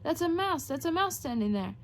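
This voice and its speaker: A woman's voice: sits high, big pitch swings, fairly quick, pitched above the performer's own voice. Woman reading as a nervous, sneezy elephant. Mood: panicked. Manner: sing-song, rhyming, apologetic.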